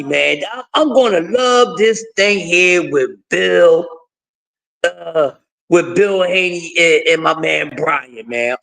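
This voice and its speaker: A man hosting a casual livestream in a raspy voice, talking loudly and animatedly with frequent shouting and laughter. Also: fairly high pitch. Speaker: livestream host.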